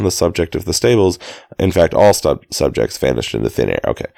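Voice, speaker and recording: A man's voice: low-pitched, gravelly, darkish tone, no echo. A man reading a novel aloud in a casual, amateur way, often stopping to restart and correct himself. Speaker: reader.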